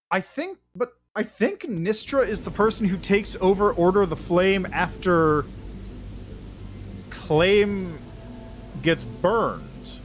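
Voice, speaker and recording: A male streamer talks through a role-playing game in a rambling, offhand way, teasing himself along the way. His voice sits a bit high and bounces around a lot. Soft game music runs underneath. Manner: rambling, self-deprecating, swears casually. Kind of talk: casual gameplay commentary.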